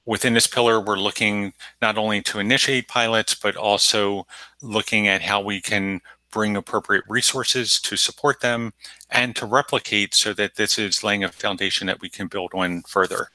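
Low-voiced man giving methodical interview answers. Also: steady tone, sharp tone, no room sound, rough recording. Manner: measured, methodical, lays points out in numbered pillars. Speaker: guest, technology lead at an aid organization.

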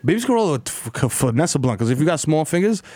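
A young man bouncing jokes off his partner in loose, cussing banter. His voice is fairly high and very expressive, recorded close and dry with no room sound. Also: fast, dry recording. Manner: profane, playful, riffs off his partner. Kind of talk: comedic banter.

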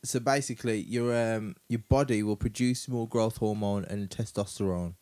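A man's voice: fairly low pitch, steady tone, normal speed, a little mellow. A man, co-hosting a casual podcast chat and explaining things at ease, with a sore back. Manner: laid-back, explains fitness with fillers. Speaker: podcast co-host.

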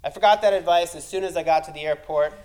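A man's voice: a little high, fast, darkish tone, rough recording. Wry male comic storyteller. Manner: wry, self-deprecating, building to punchlines.

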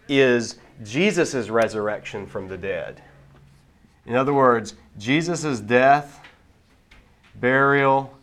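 A man teaching about the Bible in a relaxed, explanatory way, often restarting his sentences. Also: mid-range voice. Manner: explanatory, with frequent restarts and repeated words. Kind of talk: casual teaching talk.

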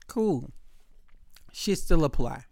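A young man rants through a story, swearing freely and playing out every part of the exchange himself. His voice sits a little high for a man. The recording is close and dry, with no room sound. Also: slow pace, creaky, dry recording. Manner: animated, profane, acts out both sides of the story. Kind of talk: casual storytelling rant.

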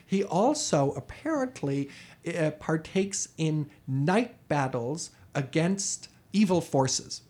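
A man co-hosting a podcast, telling a history story in a chatty, animated way with frequent restarts. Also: fairly high pitch, slow pace. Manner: animated, chatty, self-correcting. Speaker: podcast co-host. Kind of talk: casual conversational storytelling.

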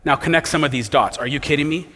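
Male pastor with a slightly raised pitch, expository sermon, rhetorical questions, long hall echo. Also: quick pace, pushed and bright.

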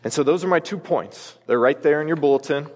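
A man's voice: a little high, brisk, darkish tone. A man in his thirties preaching a sermon as a pastor, earnest and emphatic, telling a family story to make his point. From United States. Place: church sanctuary. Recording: long reverb of a church hall.

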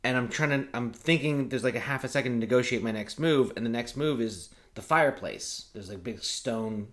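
A man's voice: mid-range voice, brisk. A man co-hosting a podcast, telling a childhood story in casual chat, acting out quotes and laughing often. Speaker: podcast co-host.

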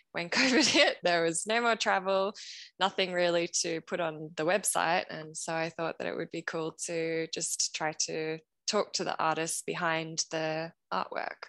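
A woman with an Australian accent, a podcast host chatting as a guest over a video call on a headset, easygoing and quick to laugh. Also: deep voice, creaky, fairly bright tone, dry recording. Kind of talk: casual interview chat. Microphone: headset with boom mic.

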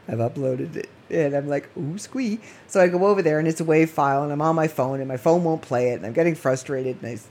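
A woman hosting her own podcast late at night, talking in a rambling, emotional way and laughing often. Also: sits low. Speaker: podcast host. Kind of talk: casual late-night monologue.

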